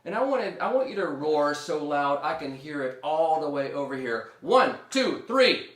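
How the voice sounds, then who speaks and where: A man's voice: on the high side, very animated, normal speed, a bit bright. A young man teaching a music lesson for children, upbeat and leading the kids in call-and-response. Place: room at home. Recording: echoey room.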